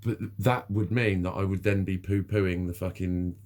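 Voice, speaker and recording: A man's voice: low-pitched, steady tone, normal speed, darkish tone. A middle-aged man, talking candidly to camera in a rambling, sweary way, laughing often. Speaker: vlogger. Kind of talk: candid personal monologue.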